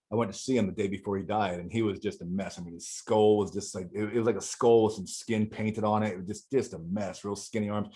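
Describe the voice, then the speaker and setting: A man's voice: lowish voice, darkish tone. A middle-aged man talking as a podcast guest, telling a candid personal story in a rambling, profane way with many restarts.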